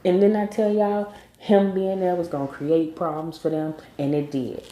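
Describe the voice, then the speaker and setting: A woman's voice: fairly low pitch, level tone, normal speed, mellow. A woman recapping a TV episode in a casual, emphatic vlog style, bluntly scolding the characters as she goes. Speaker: TV recap vlogger. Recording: echoey room.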